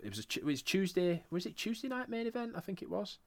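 A man with a high, sing-song voice talks fast on a dry recording. He's a podcast host in casual chat, reviewing wrestling results while swearing freely and laughing often.

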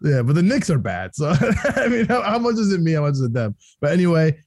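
A young man co-hosting a casual sports podcast, rambling and excitable and laughing often. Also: fairly high pitch, fast. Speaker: podcast co-host.

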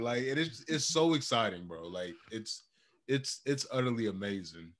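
A young man co-hosting a casual podcast, telling stories with lively energy. He slips into quoted voices as he talks, and his voice sits at an ordinary middle pitch. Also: normal speed. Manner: animated, drops into quoted voices. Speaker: podcast co-host. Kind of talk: casual chat.

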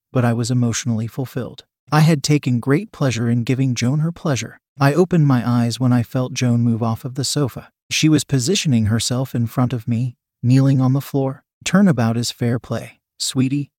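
A man's voice: mid-range voice, darkish tone, dry recording. Man reading a story in a dry voice. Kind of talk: first-person story narration.

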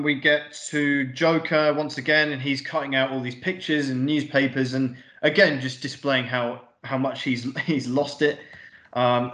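A man's voice: mid-range voice, fairly bright tone. A man co-hosting a podcast, casually retelling a film scene by scene in loose paraphrase with frequent swearing. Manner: rambling retelling with offhand paraphrased dialogue and swearing. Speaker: podcast co-host. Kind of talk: casual film recap chat. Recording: roomy echo.

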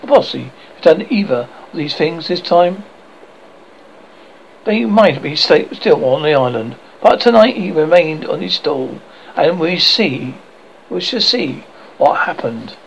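A man reading a classic children's novel aloud as an audiobook narrator, expressive and lively. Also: fairly high pitch, measured pace, gravelly, muffled recording, slight background noise. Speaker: audiobook reader.

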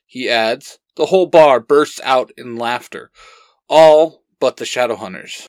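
A man's voice: medium pitch, lively intonation, a little slow, no echo. A man reading his own fan story aloud, acting out the dialogue earnestly as storyteller.

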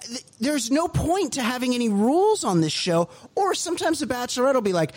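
Animated ranting male podcast host. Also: very high voice, husky, dry recording. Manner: animated, ranting, mimics people in quick bits. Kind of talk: comedic casual chat.

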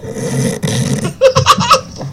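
A man's voice: drawn-out words, crowd noise. A man co-hosting a casual wrestling podcast, making playful, emphatic predictions. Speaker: podcast co-host. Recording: noisy home recording.

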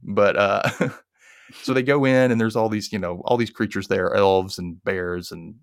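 A man with a lowish voice retells a film's story in a loose, chatty way. He slips into quick character voices as he goes. The sound is close and dry. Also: steady tone, smooth, dry recording. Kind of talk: casual movie recap.

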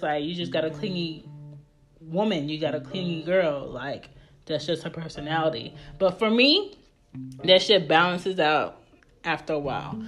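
A woman giving a candid monologue, blunt and heavily profane, laughing now and then between points. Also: fairly low pitch. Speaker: vlogger. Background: guitar music.

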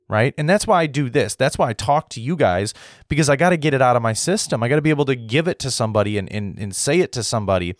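An American man giving a heated opinion monologue to his viewers, restarting sentences, clearing his throat often and tagging his points with "right?". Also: mid-range voice, animated, fast, no echo, studio quality. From United States. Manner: heated, repetitive, frequent "right?" tags and restarts. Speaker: political commentary host.

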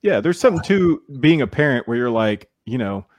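Dry-voiced man telling lively anecdotes. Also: mid-range voice, a little fast, no echo. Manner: animated storyteller who acts out quoted voices. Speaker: baseball player, interview guest. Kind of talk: casual interview chat.

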